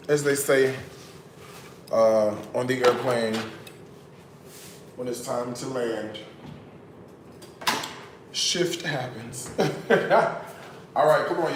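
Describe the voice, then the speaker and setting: A man hosts a cooking live stream from his home kitchen, chatting casually and teasing his viewers in asides. His mid-range voice sounds reverberant, with background noise.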